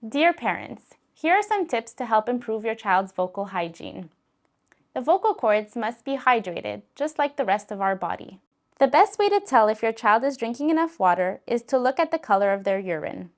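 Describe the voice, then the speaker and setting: A woman giving calm, clearly spoken scripted narration for an instructional voice-care video. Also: a little high.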